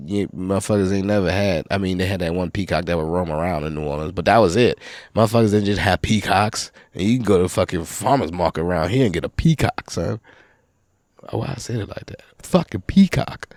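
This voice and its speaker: A man hosting a solo podcast, rambling casually in a profane, animated storytelling way. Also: deep voice, quick pace, no room sound, studio quality. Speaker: podcast host.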